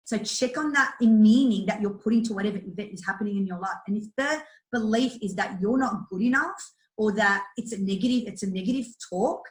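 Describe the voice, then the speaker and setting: A woman talking as an interview guest about coaching children, earnest and animated, speaking bluntly with mild swearing. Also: medium pitch. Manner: earnest, animated, acts out quotes. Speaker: guest, youth empowerment and kids' yoga coach. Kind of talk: casual interview talk. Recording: roomy echo.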